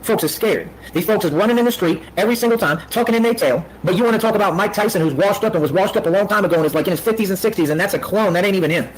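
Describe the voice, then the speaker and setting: A man's voice: sits high, racing, few pauses, a little hiss or hum, poor audio. A man in a combative livestream rant, boastful and full of street slang. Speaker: streamer.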